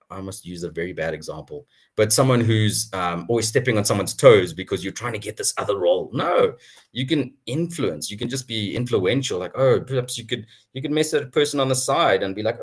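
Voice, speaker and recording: A young man telling his career story at an online town hall in an animated way, chuckling often. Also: fairly low pitch. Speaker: guest speaker.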